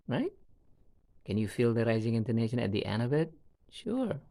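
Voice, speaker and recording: Gravelly-voiced man teaching English. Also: medium pitch, big pitch swings, warm tone, no room sound. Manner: slow, repetitive, checks in with "all right?" and "right?". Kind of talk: video lesson.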